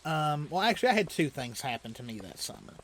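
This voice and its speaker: A slightly high-voiced man hosts a let's play and tells a loose, rambling story as he plays. He chuckles often and restarts his sentences as he goes. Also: big pitch swings, quick pace, a bit bright, slight background noise. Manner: chuckles often while telling stories. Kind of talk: casual storytelling while playing a video game.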